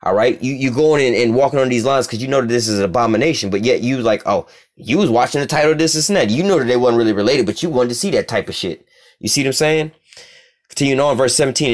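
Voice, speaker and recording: A man teaching scripture casually, reading verses aloud slowly and commenting bluntly with street profanity. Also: mid-range voice. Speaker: religious teacher.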